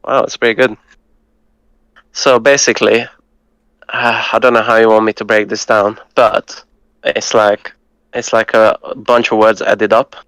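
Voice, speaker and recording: A man who speaks Hungarian natively, patiently tutoring and breaking words down slowly, with some hesitant fillers. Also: on the low side, level tone, fairly bright tone, clean tone, dry recording, rough recording. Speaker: language tutor. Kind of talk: casual language lesson.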